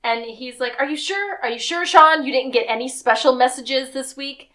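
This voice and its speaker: With a voice that sits high and a normal pace, a woman co-hosts a podcast and recaps a TV episode casually. She's animated, acting out the characters' dialogue with laughter.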